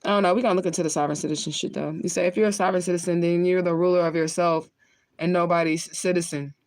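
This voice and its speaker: A woman's voice: lowish voice, fairly even intonation, very fast, darkish tone, dry recording. A woman chatting casually on her livestream, rambling and cursing, laughing often as she smokes between thoughts. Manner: talks while lighting and smoking. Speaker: spiritual reader on a livestream.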